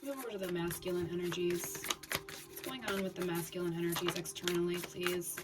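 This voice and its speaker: A woman giving a tarot reading in a scratchy voice, talking haltingly with fillers and restarts. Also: on the low side, fairly even intonation. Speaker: tarot reader. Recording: distant mic with background music.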